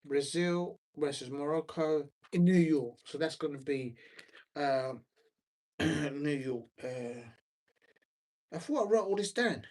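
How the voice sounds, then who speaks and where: A man with a slightly high voice, talking football on his own channel in a loose, rambling way. He hesitates often, filling gaps with ums and starting sentences over, and sounds a bit scattered as he hunts through his notes between thoughts. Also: slow, darkish tone. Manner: hesitant, with many ums and restarts. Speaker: football watch-along host. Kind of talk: rambling solo football chat.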